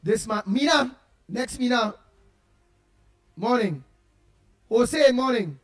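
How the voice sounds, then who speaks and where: A Trinidadian man hosting a casual morning talk show, telling jokes in an animated way and greeting listeners by name. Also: extremely high pitch, slow pace. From Trinidad and Tobago. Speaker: radio show host.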